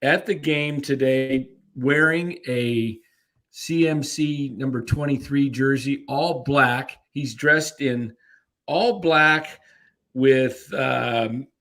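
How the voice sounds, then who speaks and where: A man hosts a live sports talk show, talking at an easy, measured pace. His voice has a middle pitch, and he calmly reads out viewer donations. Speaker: host reading donations.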